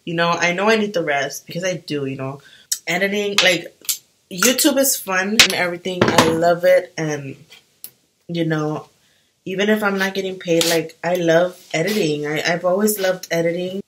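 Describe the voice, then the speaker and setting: Young woman, chatty makeup vlog, lowish voice, animated storytelling. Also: moderate pace, background noise. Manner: chatty and animated, full of fillers. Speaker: beauty vlogger. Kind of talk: casual chat while doing makeup.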